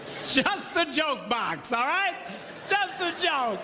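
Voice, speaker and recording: A man in his fifties, a pastor, telling comic marriage stories to an audience and shouting his punchlines. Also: very high-pitched, slow pace, crowd noise, background noise. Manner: animated storyteller, shouts punchlines. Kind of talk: comedic marriage seminar talk. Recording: echoey hall with faint background.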